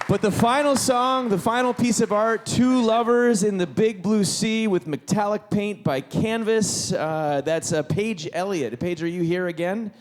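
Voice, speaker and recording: A man's voice: high-pitched, unhurried, hardly any pauses. A man emceeing a live concert and art auction, talking casually and rambling, with many restarts. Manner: rambling, self-interrupting, enthusiastic. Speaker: event host. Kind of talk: casual stage emcee talk. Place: live concert venue, on stage.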